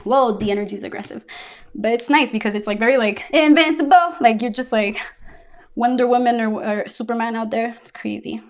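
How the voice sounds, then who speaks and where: A woman with a fairly high voice, speaking a little fast, gives a casual tarot reading. She's blunt and profane, her talk full of fillers and swearing.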